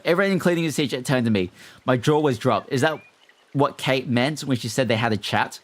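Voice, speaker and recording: A young man with an Australian accent reading a scary story live, breaking off to react excitably to chat and stumbling over words. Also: mid-range voice, a little fast. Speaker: streamer.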